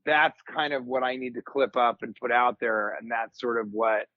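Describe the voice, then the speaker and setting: A man in his forties, a comedian guest on a podcast, telling rambling stories in casual chat and jumping into high comic voices when quoting people. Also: moderate pace, no echo, phone-quality sound. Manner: rambling, animated storyteller, jumps into high comic voices for quotes.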